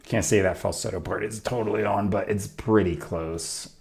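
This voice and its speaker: A man talking casually on a live stream while recording his own song, chatty and self-critical about each take, his voice not fully warmed up. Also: on the low side, moderate pace, creaky, over music. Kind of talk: casual live-stream commentary between vocal takes.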